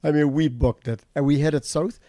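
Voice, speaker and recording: Mellow-voiced male trucker, matter-of-fact. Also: on the high side, steady tone, moderate pace, no room sound. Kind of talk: casual storytelling. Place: studio table.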